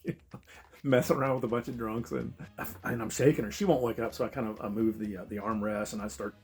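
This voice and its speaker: Fast-talking, profane male travel vlogger. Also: on the low side, faint music behind. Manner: profane, laughing, animated. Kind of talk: casual storytelling.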